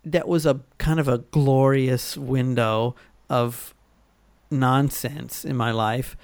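Guy with a gravelly voice rambling through old work stories, dry close sound. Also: mid-range voice, steady tone, slow, a little mellow, no echo. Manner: rambling, many fillers and restarts. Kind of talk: casual storytelling chat.

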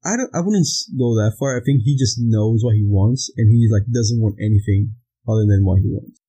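Young guy rambling on a podcast, kinda husky, soft mellow tone. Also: lowish voice, fairly quick, low-quality recording. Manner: rambling, many "like" fillers and restarts. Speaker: podcast co-host. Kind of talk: casual chat.

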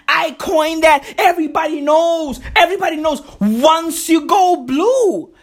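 Slow, high-voiced woman ranting. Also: a bit bright. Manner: emphatic and repetitive, heavy swearing, keeps saying "bro". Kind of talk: profane comic rant.

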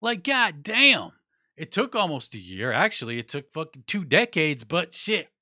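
Casting note: male vlogger, fairly high bright voice, blunt and profane, rambling delivery. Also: very animated, normal speed, dry recording, clean studio sound. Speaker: music news vlogger. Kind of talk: casual opinionated review.

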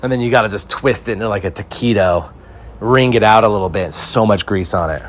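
Young male host from California with a fairly low voice, spinning loose comic tangents full of slang. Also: brisk, slight background noise. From California, United States. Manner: rambling, swears casually, slangy. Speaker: podcast host. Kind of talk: casual comic storytelling.

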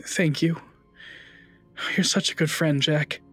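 A man's voice: a little high, steady tone, slow, a bit bright, soft background music, pitched above the performer's own voice. A man voicing a tearful, grieving young woman who pleads and breaks off mid-sentence. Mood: grateful.

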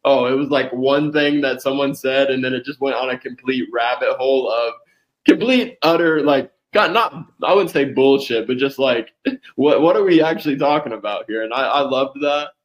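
A man's voice: medium pitch, moderate pace. A man co-hosting a podcast, chatting casually and rambling as he searches for words. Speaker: podcast co-host. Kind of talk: casual chat.

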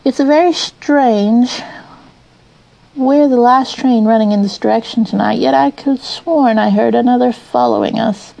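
A woman reading as a stern but kind-hearted male train driver who speaks in a steady, grave way in an audiobook. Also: a little high, gravelly, rough recording. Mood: puzzled. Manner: steady and grave, slow when warning.

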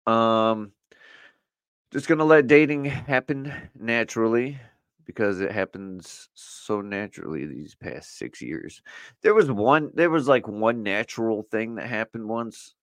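A man's voice: lowish voice, lively intonation, unhurried, a bit bright, no echo, studio quality. A middle-aged man hosting a podcast alone in a loose, rambling chat, full of "you know" and "like". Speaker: podcast host. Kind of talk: casual solo podcast chat. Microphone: camera setup for video recording.

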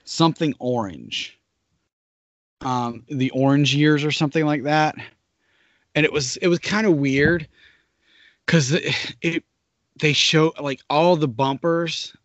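A man in his thirties co-hosting a casual chat, relaxed and hesitant, trailing off with fillers, in a dull, muffled recording. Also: on the high side, slow pace, pauses often, dry recording.

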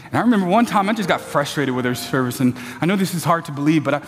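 A man preaching a sermon, building to shouted peaks and throwing in playful asides to the congregation. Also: on the high side, expressive, racing, big-room sound, a little hiss or hum.

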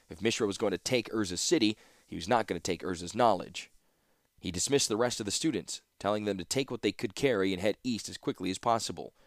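Low-voiced guy reading a fantasy audiobook, steady pace, dead dry sound. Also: no room sound. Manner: steady, measured storytelling. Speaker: audiobook narrator. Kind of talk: scripted fantasy narration.

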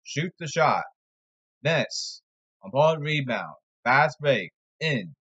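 A man's voice: medium pitch, lively intonation, slow pace, bright, forceful tone, slightly rough, muffled recording. A man giving a rambling, sarcastic sports commentary monologue, exasperated and jumping from topic to topic. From New York area.

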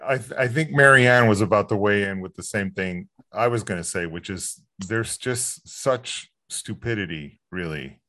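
A man with a very low voice joins a casual discussion, recorded dry. He speaks hesitantly and in a measured way. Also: pushed and bright, dry recording. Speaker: guest.

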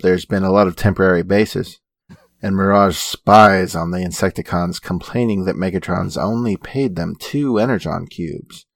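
A man co-hosting a casual chat, recapping plot in a relaxed way with frequent chuckles. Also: sits low, dry recording, studio quality. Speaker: podcast co-host recapping episodes.

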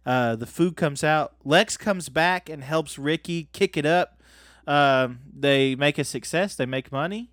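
A man's voice: on the high side, a little slow, fairly bright tone, no room sound, clean studio sound. A man co-hosting a comedy podcast, recapping an episode in a loose, joking way with plenty of fillers. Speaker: podcast co-host. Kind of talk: casual comedic chat.

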